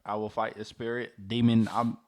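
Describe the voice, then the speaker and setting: A man's voice: mid-range voice, little pitch movement, moderate pace, darkish tone. A man co-hosting a podcast, chiming in with short, joking reactions. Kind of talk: casual chat reactions.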